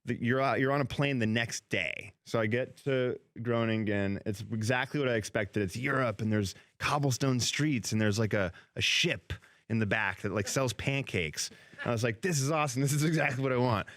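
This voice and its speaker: A former hockey goalie turned actor, a man telling animated, rambling stories as a guest on a talk show, often restarting his sentences. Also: medium pitch, moderate pace, no echo, clean studio sound. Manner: lively, rambling, acts out quotes with restarts.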